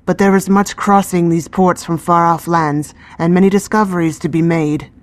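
A woman voicing a gloomy, morose older man who speaks in a grave, measured way. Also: fairly low pitch, fairly even intonation, natural voice.

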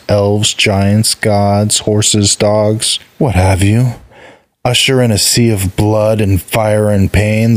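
A giant wolf with a calm, mocking intelligence, as a man acts him out in a fantasy audio story. He drawls each word slowly and sardonically in a lowish voice. The sound is close and dry. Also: no room sound, lightly acted. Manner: slow, measured, sardonic. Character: huge calm male wolf, sly and mocking.

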